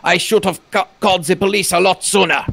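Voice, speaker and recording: Man doing a worried husband, pleading, higher pitch, gravelly. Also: fairly even intonation, fairly quick, fairly bright tone, dry recording, heavily acted. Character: worried man pleading for his missing wife. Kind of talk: let's play voice acting.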